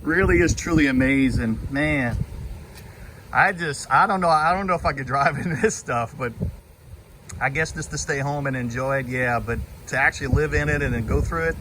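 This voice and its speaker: A man from Louisiana filming a casual vlog outdoors in the snow on a handheld phone, excited and laughing often. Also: medium pitch, normal speed, noisy background. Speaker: vlogger. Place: outdoors in a snowy yard. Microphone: handheld phone camera.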